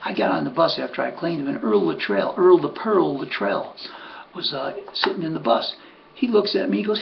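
A man's voice: fairly high pitch, moderate pace, gravelly. An older man, a horse trainer, telling a rambling personal anecdote in a conversational way, full of restarts and asides. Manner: rambling, conversational, says "buddy", many restarts. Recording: dull lo-fi recording with faint hum.

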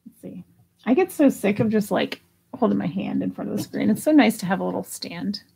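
A woman's voice: mid-range voice, expressive, fairly quick, creaky, warm tone, husky. A woman hosting a live online auction, chatting casually and giggling as she reads out bids. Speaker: live sale host.

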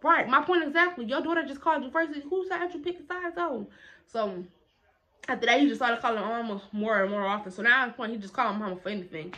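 A woman vlogger telling a story to camera in a casual, animated, blunt and profane way, repeating phrases for emphasis. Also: a little high, fast talker.

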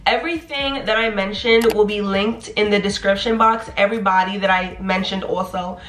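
A young woman in her twenties giving animated, encouraging advice in a casual vlog. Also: mid-range voice, moderate pace. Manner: animated, chatty, playful, encouraging. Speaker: nursing graduate vlogger. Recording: echoey room.

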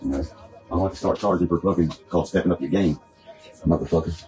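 Brief: a male streamer with a very low voice, profane and rambling, music playing behind him. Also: fairly even intonation, quick pace, mellow. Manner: profane, rambling, keeps asking "you see what I mean". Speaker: livestreamer. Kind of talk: casual livestream rant. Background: background music.

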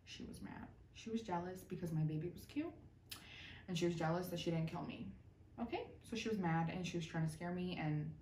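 A young woman telling a personal story in a storytime vlog, animated and sarcastic. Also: on the low side. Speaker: vlogger. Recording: roomy echo, distant mic, faint noise.

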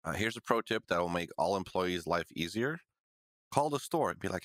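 Podcast co-host, young man, low pitch, dry close sound, loose and profane. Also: expressive, fairly quick, a bit bright, no room sound. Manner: laid-back, swears freely, many fillers. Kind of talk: casual chat.

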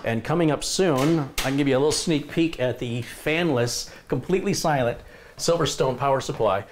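A man's voice: medium pitch, moderate pace, a little hiss or hum. A man hosting a casual tech live stream, chatting enthusiastically with viewers. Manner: chatty, enthusiastic, reads viewer comments aloud.

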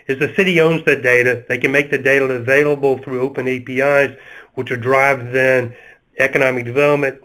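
A man with a Southern US accent talks through a webinar panel. He speaks at a middle pitch, stopping often with fillers and restarts as he gathers his points. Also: a bit bright, low-quality recording. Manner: halting, many fillers and restarts. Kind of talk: webinar discussion.

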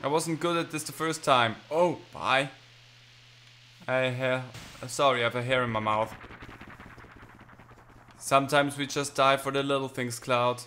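A man's voice: medium pitch, steady tone, normal speed, pushed and bright, slight background noise. A man giving casual, rambling, self-mocking commentary while he plays a video game. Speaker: gaming channel host. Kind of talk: casual let's-play commentary.

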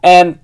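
A man giving a casual, rambling chapter recap, full of fillers and restarts. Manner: rambling, filler-heavy, self-correcting. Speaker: anime recap host.

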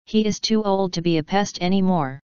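A woman's voice: mid-range voice, brisk, smooth, dry recording, dull audio, lightly acted. A woman reading the part of a boastful, teasing male centipede who crows and grins at everyone. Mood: gleeful boasting. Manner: loud, crowing, teasing.

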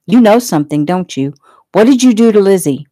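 A man's voice: high voice, animated, fairly quick, dry recording, clean studio sound, voice pushed up. A woman playing a bullying small-town cop. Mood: angry. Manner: loud, pushy and demanding. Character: jealous, bullying small-town male police officer.

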